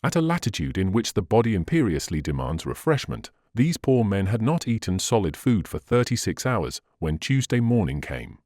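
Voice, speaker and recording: A man narrating a classic adventure novel as an audiobook reader, in an expressive, measured way. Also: on the low side, dry recording, studio quality. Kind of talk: scripted narration.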